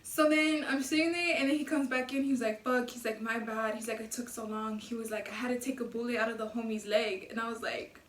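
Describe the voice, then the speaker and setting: A young woman with a somewhat high voice tells a casual, profane storytime, acting out quotes with animated slang. The low-quality mic sits back from her in an echoey room with a faint hiss. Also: a little fast, few pauses, recorded from a distance. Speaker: vlogger. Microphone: low-quality camera mic.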